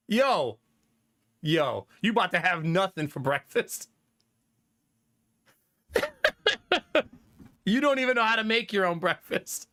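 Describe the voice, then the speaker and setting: Animated, bright-voiced man telling stories. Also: high-pitched, slow, long pauses. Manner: animated storytelling with frequent laughter. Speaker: livestreamer. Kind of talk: casual chat reading viewer comments.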